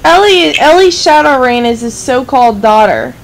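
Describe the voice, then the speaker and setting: High-voiced gossiping woman. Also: animated, moderate pace, vocal fry, slight background noise, rough recording. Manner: chatty, gossipy, with fillers. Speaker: voice chat participant. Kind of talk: casual gossip.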